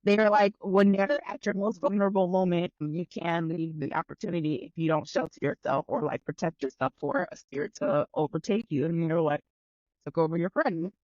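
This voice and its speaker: A woman guest on a podcast telling a story in casual chat, animated and profane, acting out both sides of the conversation. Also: lowish voice, brisk, dry recording, highs cut off.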